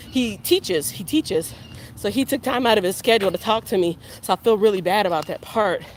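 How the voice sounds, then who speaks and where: A vlogger walks around her neighborhood outdoors, talking casually to her camera, rambling, repeating herself, and candidly criticizing herself. Her voice is medium in pitch, with a little hiss or hum on the recording.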